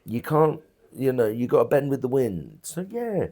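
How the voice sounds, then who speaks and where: A man's voice: mid-range voice, big pitch swings, normal speed, mellow. A man who runs a pub, talking casually in an interview, blunt and chatty, with lots of restarts and asides. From England. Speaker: pub landlord. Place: country pub bar.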